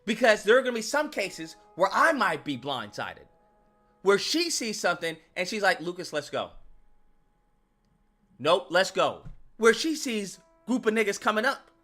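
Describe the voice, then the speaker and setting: Man, commentary rant, very lively pitch, sharp bright voice, repeats himself for emphasis, swears a lot. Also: moderate pace, faint music behind. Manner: emphatic, repeats lines for effect, profane. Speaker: commentary channel host.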